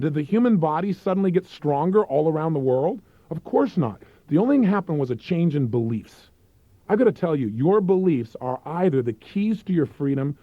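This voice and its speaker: A man presenting a self-help program in an emphatic, persuasive infomercial sales pitch. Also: no room sound. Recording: dull, dry lo-fi recording.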